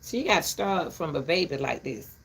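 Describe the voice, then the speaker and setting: A woman's voice: sits low, expressive, normal speed, creaky, slightly rough. An older woman ranting casually to her viewers from her back porch, blunt and rambling, breaking into laughter often. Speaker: vlogger.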